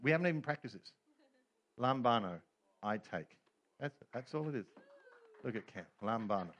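A man's voice: mid-range voice, animated, normal speed, fairly bright tone, muffled recording. A middle-aged man preaching a sermon as pastor, telling stories with humor and quoted voices.

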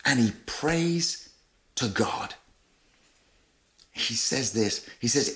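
A man preaching a sermon as pastor, reading scripture aloud with emphasis and retelling it in lively everyday words. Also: mid-range voice, slow pace, long pauses.

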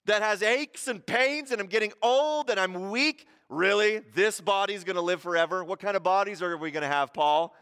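A man's voice: sits high, moderate pace, few pauses, fairly bright tone, clear, resonant tone, long reverb tail. A man putting on a scoffing skeptic. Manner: scoffing, incredulous. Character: sarcastic adult male skeptic mocking a teacher.

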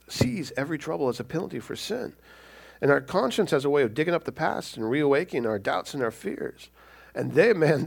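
Preaching in a chatty style, this male pastor keeps asking "right?" as he checks in with those listening. He has a slightly high voice that's gravelly and a touch rough.

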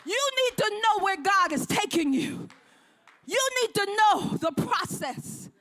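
High, bright-voiced woman preaching fervently. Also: lively intonation, takes it slowly. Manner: fervent call-and-response preaching, often shouting. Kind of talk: sermon.

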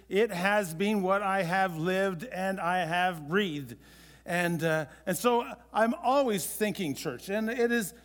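High-voiced pastor preaching in a reverberant hall. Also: male voice, a bit bright. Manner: conversational, with halting restarts. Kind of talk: sermon.

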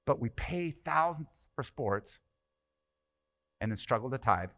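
A man's voice: medium pitch, lively intonation, unhurried, dull audio. A man preaching a sermon as pastor, passionate and emphatic, with many rhetorical questions.

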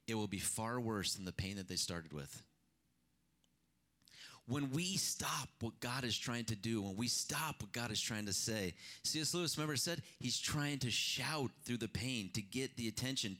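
Male pastor delivering a sermon; impassioned, swings in pitch and volume, repeats phrases for emphasis. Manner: impassioned preaching with sudden rises and drops in pitch and loudness.

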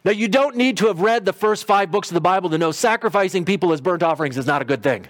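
A man's voice: sits high, expressive, fast talker. A middle-aged man preaching a sermon in a conversational storytelling way, briefly acting out quotes. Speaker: pastor.

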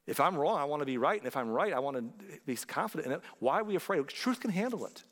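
A man's voice: fairly high pitch, sing-song, quick pace, fairly bright tone. Earnest preaching man in a reverberant hall. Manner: earnest, conversational preaching with emphatic rises. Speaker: pastor. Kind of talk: sermon.

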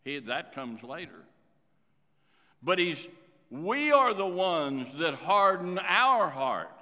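A man preaching a sermon as pastor, swinging between loud emphasis and quiet asides. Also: sits high, very animated, slow pace. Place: church sanctuary. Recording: reverberant church hall.

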